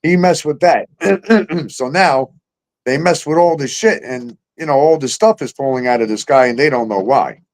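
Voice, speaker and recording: Middle-aged male host, profane sarcastic ranter, slightly high voice. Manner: profane, incredulous, sarcastic ranting. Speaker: talk show host. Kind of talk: ranting conspiracy talk.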